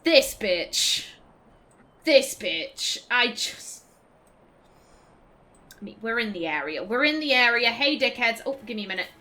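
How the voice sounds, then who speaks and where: A woman hosts a let's play in casual, chatty commentary. Her voice sits high and she exclaims freely, swearing playfully as she plays. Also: sing-song, normal speed, pauses often, sharp tone.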